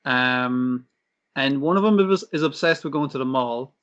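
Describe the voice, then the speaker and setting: A man's voice: mid-range voice, normal speed, a bit bright. A man co-hosting an anime podcast, chatting casually, swearing and acting out scenes. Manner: casual, swears, acts out quotes. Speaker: podcast co-host. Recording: dull lo-fi stream audio.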